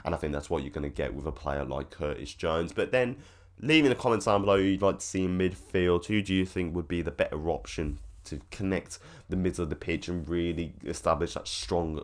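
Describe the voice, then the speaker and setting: Brief: low-pitched male fan host, chatty, rambling, opinionated. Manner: rambling, filler-heavy, opinionated. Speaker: football fan channel host. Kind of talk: casual commentary to camera.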